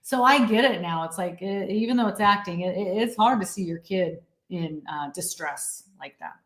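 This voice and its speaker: A woman actress as an interview guest, chatting casually and telling lively stories. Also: lowish voice, normal speed. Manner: animated storyteller, acts out quotes. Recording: roomy echo.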